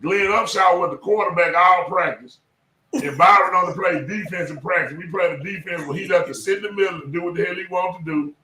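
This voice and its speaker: A middle-aged man from South Dallas, a former high school football coach telling stories in an animated, emphatic, profane way on a casual podcast. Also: brisk, a little hiss or hum. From South Dallas, Texas. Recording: echoey room, voice a bit far from mic.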